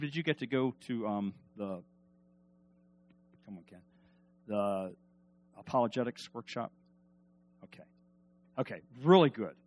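A man preaching a sermon in an emphatic, animated way, asking the congregation to respond. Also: medium pitch. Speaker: pastor.

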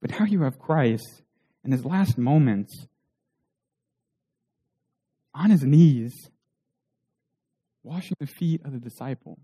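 A man's voice: mid-range voice, expressive, slow pace, pauses often, dark tone, slightly rough. A man preaching a sermon in an earnest way, asking rhetorical questions.

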